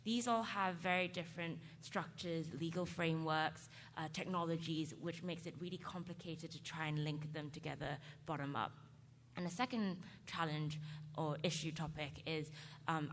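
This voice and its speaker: A woman's voice: lowish voice, fairly bright tone. A woman speaking on a conference panel, explaining things with casual fillers. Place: conference hall. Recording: conference hall reverb, faint noise.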